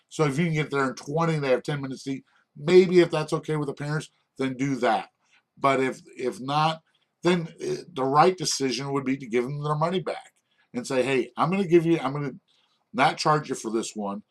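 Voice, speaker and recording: A middle-aged man giving an informal lesson on restaurant management, rambling and checking in with "okay?" after most points. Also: on the high side. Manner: rambling, repeats "okay?" often, frequent restarts.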